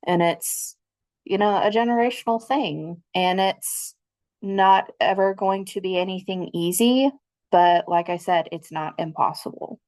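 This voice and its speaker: A woman's voice: mid-range voice, measured pace, a little mellow. A young adult woman, the podcast host and a mother, speaking earnestly and reflectively in casual conversation.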